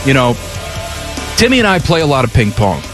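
A man's voice: medium pitch, big pitch swings, a little fast, music in the background. A man hosting a sports radio show, joking and bantering casually. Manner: playful, joking.

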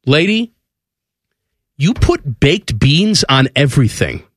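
A male sports radio host, talking in a lively voice that leaps up and down. He is sarcastic and incredulous in his banter, set close and dry on the studio mic. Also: a little high, slow pace, dry recording.

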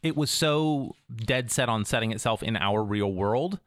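Podcast guy, lowish voice, dead dry sound, casual measured chat. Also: no room sound. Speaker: podcast co-host.

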